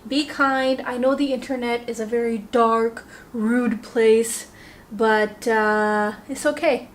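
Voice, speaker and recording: A woman's voice: fairly high pitch, fairly even intonation, slow, slight background noise. A young woman with an Indian accent, chatting casually to the camera while cooking in her home kitchen, self-deprecating and talkative. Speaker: home cook vlogger.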